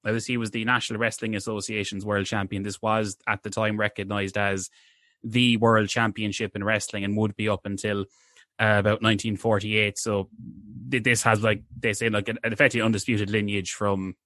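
A man's voice: fairly low pitch, flat delivery, a little fast, pushed and bright, dry recording, studio quality. A man co-hosting a podcast, telling a history story in a rambling, casual way, with lots of fillers and restarts.

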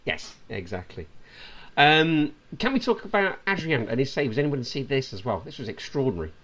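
A man hosting a casual football podcast. His pitch moves up and down as he goes, with plenty of ums and laughs. He sounds easygoing and chatty. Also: brisk. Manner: lively, laughs often, many fillers. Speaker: podcast host.

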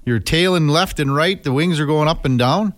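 A man's voice: fairly high pitch, normal speed. A man hosting a radio talk show, asking his co-host easygoing questions and laughing along. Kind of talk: casual radio interview.

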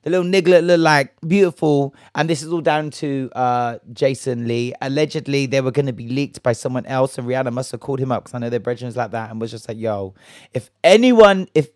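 A man's voice: mid-range voice, little pitch movement, fast talker, hardly any pauses, darkish tone, no echo, clean studio sound. A man hosting a casual solo gossip podcast, chatty and jokey, swearing and rambling, a little tipsy. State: a bit tipsy. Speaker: podcast host.

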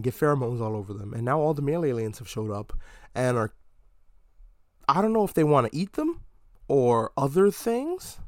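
A man hosting a podcast, chatting casually about a movie in an animated, swearing way. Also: mid-range voice, no echo, clean studio sound. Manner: animated, profane, slips into mock slang quotes. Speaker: podcast host. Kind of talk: casual movie review monologue.

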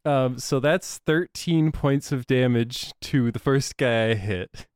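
A man with an ordinary middle-pitched voice plays a tabletop game, relaxed and prone to chuckling. He hesitates with fillers as he counts out his cards. The sound is dry and close. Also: smooth, no room sound. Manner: laid-back, chuckling, halting while counting cards. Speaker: player.

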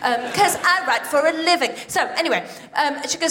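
A middle-aged Iranian woman with a high voice performs a stand-up comedy set on a large theatre stage. She's chatty and excitable, tossing in quick asides.

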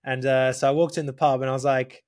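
A man's voice: mid-range voice, little pitch movement, fast talker, darkish tone. A young man, a podcast guest, telling a story casually, laughing and swearing as he quotes people.

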